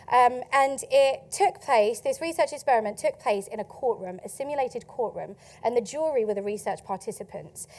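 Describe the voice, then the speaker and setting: A woman with an Essex accent giving a lively, chatty conference talk, asking the audience questions and laughing often. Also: sits high. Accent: Essex English. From England. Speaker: conference speaker. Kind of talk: keynote talk to a live audience. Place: conference stage.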